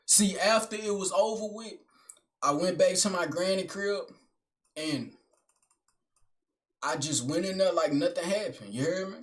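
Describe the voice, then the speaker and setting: A young man with a slightly high voice tells a personal story in a loose, casual way. He talks bluntly, swears freely, and keeps calling the listener bro, gang and son. His delivery is street slang and unscripted. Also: a little slow, pauses often. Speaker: vlogger telling a personal story.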